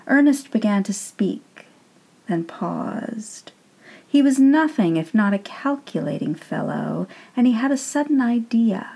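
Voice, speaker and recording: A woman reading her own story aloud in a measured, gently wry narrating voice. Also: a little high, animated, gravelly, slightly rough.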